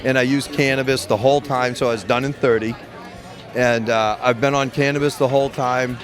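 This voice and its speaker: A man's voice: medium pitch, fairly even intonation, a little fast, some chatter behind. A middle-aged man from Maine, a medical cannabis caregiver, telling his story in an interview in a blunt, profane, rambling way with many restarts. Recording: loud music under voice. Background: music.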